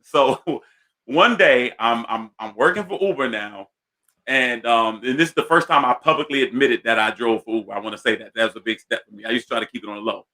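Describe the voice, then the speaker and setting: A man in his thirties hosts a talk show and tells a long comic anecdote. He sounds animated and self-mocking, with a bright, tense voice at a middle pitch. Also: brisk. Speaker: host.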